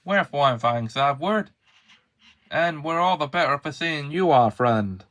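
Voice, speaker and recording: Male fan voice actor; unhurried, rambling, self-aware asides, slightly high voice. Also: expressive, a bit bright. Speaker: voice actor for a fan model-train series. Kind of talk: casual in-character banter.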